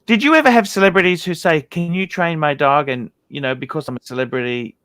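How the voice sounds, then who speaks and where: A jovial male host leads a relaxed livestream chat, his voice bright and a touch high. The sound is dry and close, with no room around it, and he bounces cheerfully between banter and reading out super chats. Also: quick pace, no echo. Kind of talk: casual panel chat.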